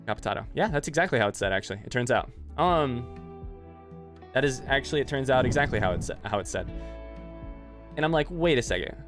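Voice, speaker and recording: A man streaming a game, telling a long anecdote in a rambling, animated way and turning aside to talk to his chat. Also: medium pitch, quick pace, long pauses, music in the background. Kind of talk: casual storytelling while streaming gameplay.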